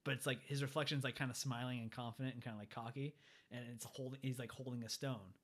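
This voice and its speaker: A man chatting casually about a film, animated and quick to act out lines in passing. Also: mid-range voice.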